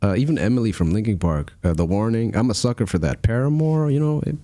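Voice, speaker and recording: A man hosting a music reaction, chatting excitedly and rambling about songs. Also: on the low side, quick pace. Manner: rambling, excitable, laughs and scats rhythms. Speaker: reaction channel host. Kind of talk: casual music reaction chat.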